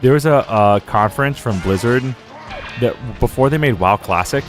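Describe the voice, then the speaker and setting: A man's voice: medium pitch, animated, normal speed, over music. A young man streaming a game, rambling casually, laughing often and slipping into silly quoted voices. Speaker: gaming streamer. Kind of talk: casual live-stream commentary.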